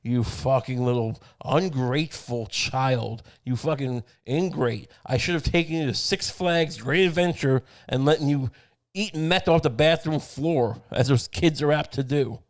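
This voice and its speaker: A man's voice: mid-range voice, unhurried, natural voice. Man plays a dying father, selfish and scolding, cursing at his little son. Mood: angry. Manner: exasperated, guilt-tripping, profane.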